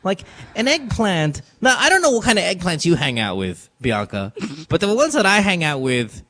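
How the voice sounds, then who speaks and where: A male co-host trading profane jokes with a lively voice that swings widely in pitch. He talks in a loose, teasing and animated way, pitched a little above the average for men. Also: moderate pace. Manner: crude, joking, animated. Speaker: co-host of an advice show. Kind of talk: casual, profane banter.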